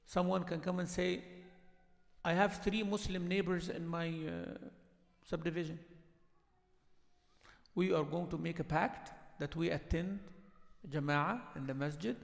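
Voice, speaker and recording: Earnest imam with gravelly voice, echoing hall. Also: male voice, fairly high pitch. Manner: earnest and instructive, repeating points and asking the room for agreement. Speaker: imam giving a talk. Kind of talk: mosque talk to the congregation. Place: mosque hall.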